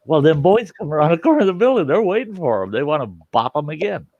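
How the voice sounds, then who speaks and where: Gravelly older man spinning a folksy yarn. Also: a little high, very animated, quick pace, darkish tone, no room sound. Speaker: storytelling host. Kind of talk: casual spoken storytelling. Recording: dull, dry lo-fi recording.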